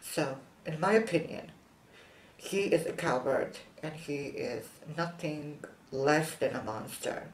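A woman vlogger telling a personal story in earnest, halting phrasing, speaking through a latex mask. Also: deep voice, reverberant, a little hiss or hum, poor audio.

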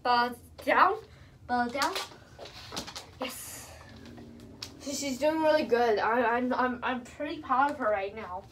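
Young woman, high voice, out of breath, repeats commands, gushing praise, faint background noise. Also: unhurried, long pauses, a bit bright. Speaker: vlogger training her service dog. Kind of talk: casual home vlog.

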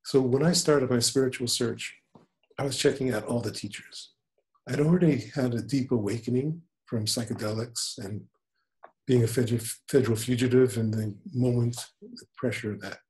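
A man in his seventies, a spiritual teacher talking in an unhurried, gentle storytelling manner. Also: mid-range voice. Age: 70s. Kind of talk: spiritual conversation.

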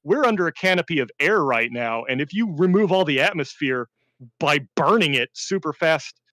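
A man, a veteran, telling war stories in a rambling casual chat, often laughing and swinging between deadpan and excited. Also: a little high, normal speed, dry recording. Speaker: veteran storyteller.

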